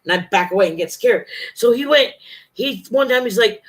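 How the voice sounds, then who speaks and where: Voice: mid-range voice, lively intonation, normal speed. A vlogger telling a personal story in a casual, profane, emphatic monologue, acting out the other people's lines.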